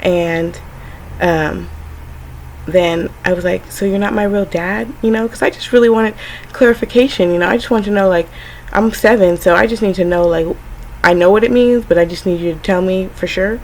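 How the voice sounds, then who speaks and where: A woman's voice: lowish voice, moderate pace, darkish tone, slight background noise, rough recording. A young adult woman vlogging to camera, telling a personal story in a rambling, frank, chatty way with lots of fillers, acting out family members in quotes. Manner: acts out her younger self and family in quotes.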